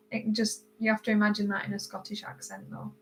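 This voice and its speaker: A woman's voice: mid-range voice, flat delivery, moderate pace, soft background music, rough recording. Chatty British woman streaming live. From Britain. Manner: chatty, reads and answers viewer comments; laughs often, drifts quieter while concentrating. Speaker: livestream host. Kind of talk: casual chat while coloring.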